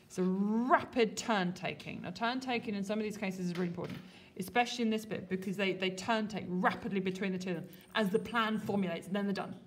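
A woman teaching a literature lesson to a classroom, lively and colloquial, putting questions to her students. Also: medium pitch, fast, hardly any pauses, slight background noise. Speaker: English teacher.

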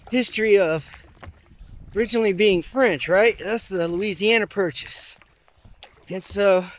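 A man vlogging from a river while paddling, chatting casually and thinking aloud with lots of asides. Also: high voice. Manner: thinks aloud, rambling, many fillers and asides. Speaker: vlogger training for a river race. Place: outdoors on a river in a kayak.

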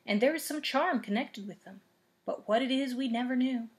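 A woman's voice: fairly high pitch, normal speed, close to an everyday voice. Solemn little Munchkin man, read by a woman near her own voice, grave, matter-of-fact storybook line. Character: small male Munchkin, solemn.

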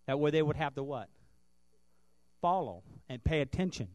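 A man's voice: on the high side, animated, normal speed, no echo. Earnest preacher man, dry close sound. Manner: swings from loud earnest preaching to quiet tender tones. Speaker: guest pastor. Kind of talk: sermon and prayer. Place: church building.

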